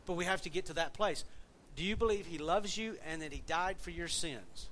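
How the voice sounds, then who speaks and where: A man's voice: a little high, normal speed, fairly bright tone, a little hiss or hum. Conversational man preaching a sermon. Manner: conversational, asks the congregation questions. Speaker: pastor.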